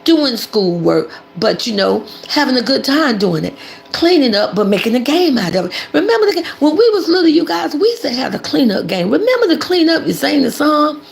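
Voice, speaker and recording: Lively older woman with a gravelly voice. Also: high-pitched, brisk. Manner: animated, preachy, talks about herself in third person. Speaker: commentary channel host. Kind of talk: casual livestream commentary.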